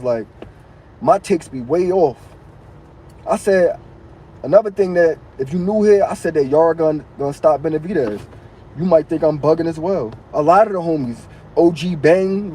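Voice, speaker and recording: A man's voice: a little high, dark tone, husky, low-quality recording. A man hosting a casual live stream, reading viewers' comments aloud and answering them in loose, slangy street talk.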